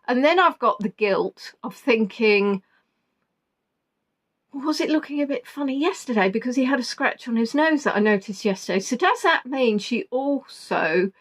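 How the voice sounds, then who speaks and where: A woman's voice: fairly high pitch, animated, normal speed. A woman vlogger telling a story casually and emotionally, rambling and flustered, quoting what others said. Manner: rambling, flustered retelling with quoted dialogue.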